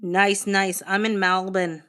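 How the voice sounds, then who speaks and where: A woman with a mid-range voice hosts a relaxed livestream. She reads viewers' messages aloud and answers them in an easygoing, candid way, with the odd casual swear. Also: medium pitch, takes it slowly, clean tone. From Boston, United States. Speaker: livestream host. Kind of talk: casual livestream chat, reading comments aloud.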